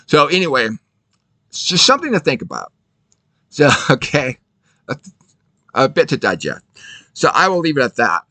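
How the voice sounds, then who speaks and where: Man, video Bible teacher, emphatic, lively pitch, dry close sound. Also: normal speed, long pauses, no room sound. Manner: emphatic, rhetorical questions, repeats himself.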